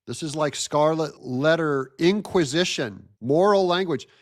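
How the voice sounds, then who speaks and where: A man's voice: on the high side, unhurried. A man hosting a commentary show, reacting to video clips with sarcastic, mocking remarks. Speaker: show host.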